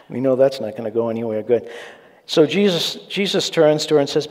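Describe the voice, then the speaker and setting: A man preaching a sermon, earnest and conversational, slipping in asides to his listeners. His voice is mellow and dark, sitting at an ordinary pitch. The sound carries the long reverb of a large church sanctuary. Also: expressive, moderate pace.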